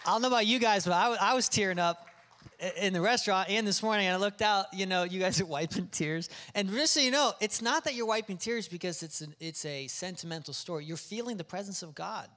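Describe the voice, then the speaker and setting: A man's voice: high-pitched, quick pace, bright, forceful tone. A man, the church's pastor, preaching animatedly and putting questions to his congregation. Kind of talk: sermon. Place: church sanctuary. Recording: long reverb of a large hall.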